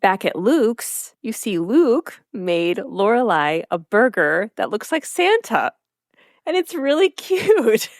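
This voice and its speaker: A woman's voice: medium pitch, sing-song, takes it slowly, dry recording, clean studio sound. A woman co-hosting a podcast, retelling scenes in a casual chat and laughing often. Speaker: podcast co-host.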